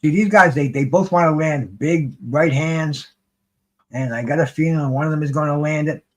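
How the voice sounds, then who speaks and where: With a slightly high voice at normal speed, a man comments casually on a live boxing fight for his stream. He's excitable and rambling, swears freely and restarts his sentences.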